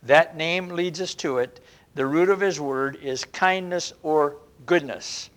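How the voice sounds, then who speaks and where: A man delivers a sermon with earnest conviction, leaning hard on key words and drawing them out slowly. His voice sits a touch higher than most men's, and he often stops to restart a phrase mid-thought. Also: fairly bright tone. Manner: earnest, drawn-out emphasis with frequent restarts. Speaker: preacher.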